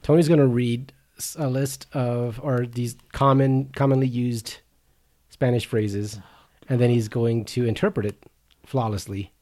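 A man's voice: mid-range voice, fairly even intonation, unhurried, mellow. A man hosting a podcast, swearing casually and pushing the segments along. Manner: bossy, swearing, running the segments. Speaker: podcast host. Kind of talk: casual crude banter.

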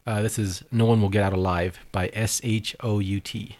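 A man's voice: on the low side, fairly even intonation, normal speed, a little mellow. A man co-hosting a podcast, introducing songs in loose, casual chat, swearing and laughing often. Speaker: podcast co-host presenting songs.

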